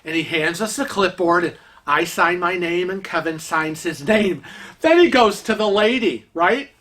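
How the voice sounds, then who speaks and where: A man's voice: sits high, moderate pace, pushed and bright. A man vlogger telling a story in a chatty, exasperated way, acting out the quotes. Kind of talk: casual storytelling.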